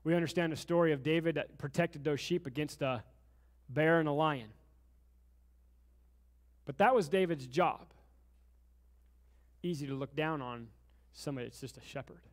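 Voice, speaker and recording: A man's voice: a little high, moderate pace, pauses often, big-room sound. A man preaching a sermon as pastor in a church, building intensity and asking the congregation questions as he goes. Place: church sanctuary.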